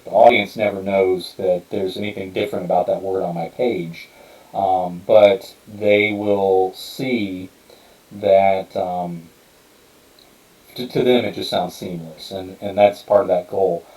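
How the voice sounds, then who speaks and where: A man with a very low voice hosts a casual podcast, wandering through his points with frequent fillers and false starts. He sits a little away from the mic, and the room gives his voice a noticeable echo. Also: fairly even intonation, slow, darkish tone, distant mic. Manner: rambling, many fillers and restarts. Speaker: podcast host and author. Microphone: streamed podcast mic.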